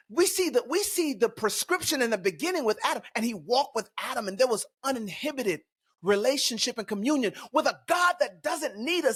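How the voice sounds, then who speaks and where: A man's voice: very high-pitched, expressive, a little fast, fairly bright tone, breathy edge. A man co-hosting a faith podcast, talking in a fervent, preachy way and repeating phrases for emphasis. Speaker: podcast co-host. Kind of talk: casual faith podcast talk.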